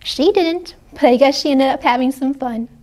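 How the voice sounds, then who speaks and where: A woman working as a children's librarian, reading stories aloud in a gentle, exclamatory way and asking the young listeners questions. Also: high voice, moderate pace. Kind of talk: children's story read-aloud.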